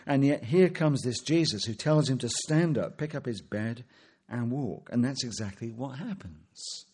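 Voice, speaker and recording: A man's voice: medium pitch, a little slow, a little mellow, slightly rough. A man preaching an expository sermon, asking rhetorical questions and quoting scripture.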